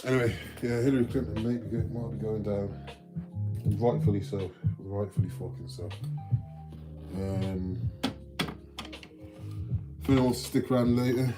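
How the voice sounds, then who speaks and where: A man's voice: fairly low pitch, measured pace, long pauses. A man hosting a casual livestream, chatting with viewers, slangy and full of swearing. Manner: slangy, swearing, addresses chat. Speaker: livestream host. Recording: music in the background. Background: music playing.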